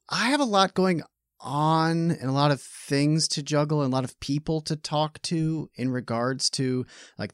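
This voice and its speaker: A man's voice: medium pitch, clean tone, dry recording, clean studio sound. A man hosting a podcast, chatting casually in an easygoing way and laughing often. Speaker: podcast host. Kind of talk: casual chat.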